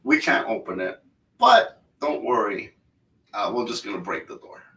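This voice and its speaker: A man's voice: fairly low pitch, sing-song, moderate pace, pushed and bright, recorded from a distance. A man co-hosting a podcast, telling a story in casual, profane chat and acting out the other people in it. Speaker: podcast co-host. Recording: echoey room, voice a bit off-mic.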